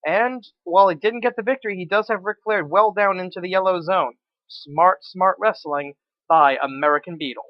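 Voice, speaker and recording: Excitable male wrestling commentator. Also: sits high, normal speed, dry recording, highs cut off. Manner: excitable, self-correcting, swears at slips. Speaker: play-by-play commentator.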